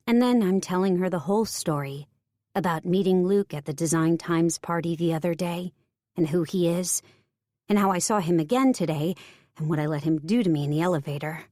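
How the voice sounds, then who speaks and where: A woman's voice: lowish voice, moderate pace, a little mellow, dry recording, clean studio sound. A female narrator reading first-person romance narration with a wry, self-mocking tone. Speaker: audiobook narrator.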